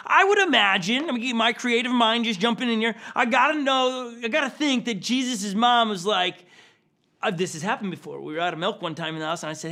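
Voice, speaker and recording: A man's voice: very high voice, brisk, vocal fry, sharp tone. A man preaching a conversational sermon as a pastor, casual and playful, often checking in with "okay?" and filling with "like.". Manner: acts out quoted characters with a chuckle.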